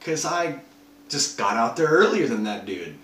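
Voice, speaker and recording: A man's voice: mid-range voice, big pitch swings, moderate pace, fairly bright tone. A man playing a rattled, foul-mouthed young guy. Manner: rambling, profane, full of fillers and restarts. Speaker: actor performing a monologue. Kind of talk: self-written dramatic monologue. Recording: roomy echo, mic at a distance.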